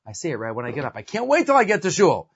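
A man's voice: fairly high pitch, wildly swooping pitch, racing, husky, muffled recording, full character voice. A man voicing an older rabbi eagerly answering his students in a story. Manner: eager and emphatic.

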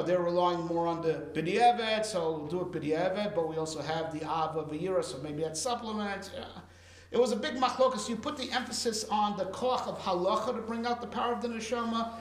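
A man's voice: high-pitched, echoey room. A man teaching a casual Torah class, talking conversationally with Hebrew and Yiddish terms and frequent "right?" checks.

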